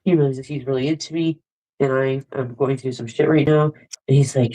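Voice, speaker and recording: A woman's voice: very deep voice, steady tone, brisk, warm tone, low-quality recording. A woman in casual chat, blunt and swearing freely as she tells stories and acts out what people said.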